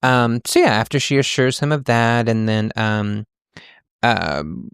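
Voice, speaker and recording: A man co-hosting a podcast in casual chat, relaxed, recapping the story with quoted lines. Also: mid-range voice, a little slow, smooth, dry recording, clean studio sound. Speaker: podcast co-host.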